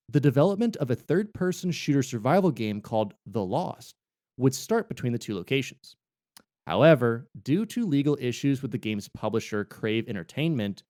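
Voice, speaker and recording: Animated man co-hosting a gaming podcast. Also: mid-range voice. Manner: jokey, playful, animated. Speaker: podcast co-host. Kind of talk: casual gaming podcast chat and reading of history notes.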